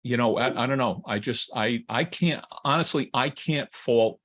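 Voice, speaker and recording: A man's voice: mid-range voice, moderate pace, fairly bright tone. A man co-hosting a casual legal discussion, talking hesitantly with many restarts and laughing often. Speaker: co-host.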